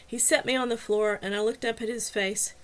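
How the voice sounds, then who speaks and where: A woman reads a first-person novel aloud as an audiobook narrator. Her voice sits a little high, and her storytelling is clear and even. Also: fairly quick.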